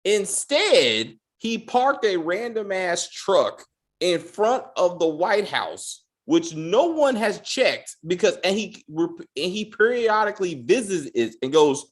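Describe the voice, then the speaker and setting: A man co-hosting a casual TV review podcast, swearing freely and acting out characters' lines in quick exasperated bits. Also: high voice, wildly swooping pitch. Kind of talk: casual spoiler review chat.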